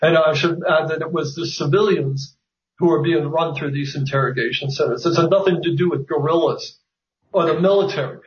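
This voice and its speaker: A man's voice: fairly high pitch, a little fast, a little hiss or hum. A man, an author being interviewed, talking at length with many fillers and restarts. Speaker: author guest. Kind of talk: conversational interview. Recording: roomy, distant, dull sound.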